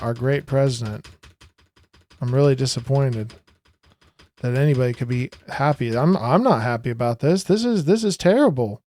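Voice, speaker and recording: Guy ranting on his vlog, rambly and emphatic, gets loud at times, dead dry close mic. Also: medium pitch, dry recording. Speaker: video commentator. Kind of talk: casual commentary vlog.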